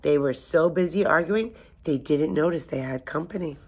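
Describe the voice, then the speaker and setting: Low-voiced woman reading a picture book. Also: husky. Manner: expressive, slow storytelling. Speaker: storyteller.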